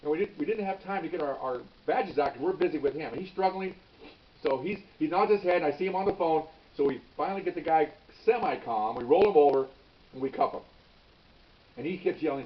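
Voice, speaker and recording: Animated retired cop, a little distant. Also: male voice, on the high side, quick pace. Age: 60s. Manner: animated, with many restarts and "okay?" tags. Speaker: retired police officer. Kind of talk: storytelling. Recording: dull, slightly distant recording.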